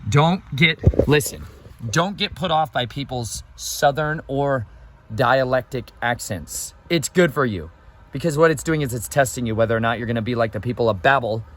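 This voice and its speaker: A man vlogging outdoors in a preachy, excitable way, exclaiming at the scenery and slipping into sermon-like asides. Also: medium pitch, poor audio. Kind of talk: preachy outdoor travel vlog.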